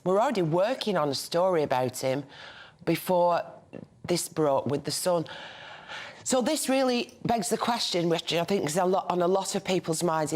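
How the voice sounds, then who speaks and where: A woman's voice: lowish voice, a little mellow. An older woman with a Northern English accent, chatting as a newspaper review guest and telling anecdotes in a chatty way. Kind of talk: casual studio chat.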